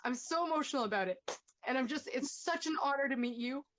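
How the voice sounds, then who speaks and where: A Canadian woman hosts a casual live interview, her voice slightly high. She gushes with feeling, full of ums and restarts, at times near tears. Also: quick pace, a bit bright, a little hiss or hum. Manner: gushing, emotional, many fillers and restarts. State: tearful. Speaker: host.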